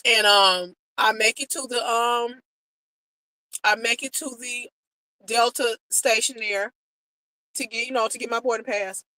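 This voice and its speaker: A woman's voice: on the high side, measured pace, long pauses, no room sound, rough recording. An American woman vlogger telling a personal travel story to her viewers in a casual, emotional way, acting out what people said. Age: adult, married. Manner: emotional, animated retelling, quotes people, talks to viewers directly.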